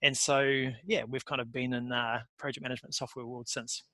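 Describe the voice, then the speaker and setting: A man in his forties with a New Zealand accent, a guest telling his career story in a relaxed way with fillers. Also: medium pitch, brisk, no echo, poor audio. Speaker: guest, software company founder. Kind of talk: casual interview talk.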